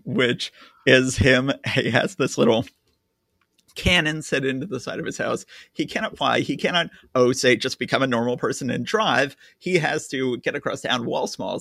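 This man hosts a relaxed conversation and retells the story with animated energy. His voice is gravelly with a husky edge, recorded dry and close with no room sound. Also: medium pitch, no echo. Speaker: podcast host. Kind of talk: casual chat about comics.

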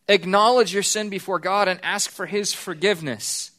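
A man preaching a sermon as pastor, earnest, slowing down to stress key points. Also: high voice, fairly even intonation, pushed and bright.

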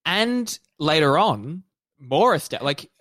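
A man's voice: fairly high pitch, sing-song, slow, fairly bright tone, no echo. A man co-hosting a podcast in a casual, easygoing way, making dry quips and rambling asides. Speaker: podcast co-host. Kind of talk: casual chat.

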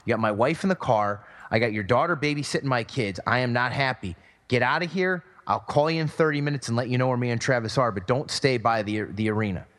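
A podcast co-host tells a story in a relaxed way, doing the voices of each character himself. His voice sits at medium pitch with a fairly bright tone, and he talks fast. The recording carries a long, hall-like reverb.

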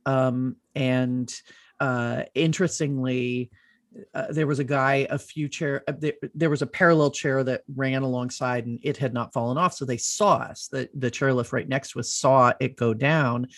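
A middle-aged woman hosting a podcast, telling an animated, rambling story in casual chat and swearing freely. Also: extremely low pitch, normal speed, dry recording, clean studio sound.

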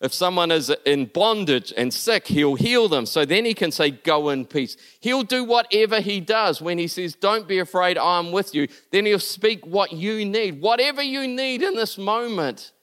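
A man preaching a sermon in an earnest way, building to emphatic peaks and then dropping soft and low. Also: lively intonation, moderate pace, hardly any pauses, smooth. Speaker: pastor.

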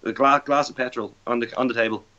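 An Irish man with a voice of ordinary middle pitch, chatting casually as a guest on the line. He tosses in short, dry jokes between the others' talk. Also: steady tone, fast talker, bright, forceful tone, muffled recording. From Ireland. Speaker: podcast guest calling in. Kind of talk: casual chat.

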